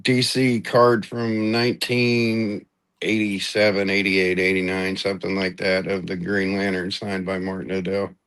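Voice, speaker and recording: A man's voice: low-pitched, level tone, unhurried, a bit bright, clean tone. A laid-back man co-hosting a casual talk show, giving brief replies. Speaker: co-host. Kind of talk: casual chat.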